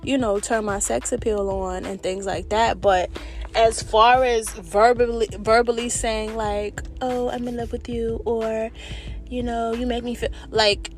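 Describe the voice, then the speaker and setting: An expressive woman talks straight to her viewers in a candid monologue, her voice sitting fairly high. She speaks in an animated, slangy way with the odd curse word. Soft music plays faintly underneath. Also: a little slow. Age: adult with children. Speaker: vlogger.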